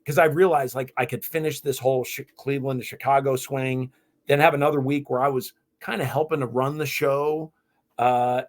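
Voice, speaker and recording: A man in his fifties from New England, a podcast guest telling animated stories in casual interview talk. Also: mid-range voice. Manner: animated, lively anecdotes with restarts.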